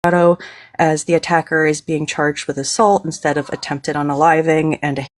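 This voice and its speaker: A caller on a livestream sharing a call to action, speaking earnestly and haltingly with many "um" fillers. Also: medium pitch, level tone. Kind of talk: call-in announcement.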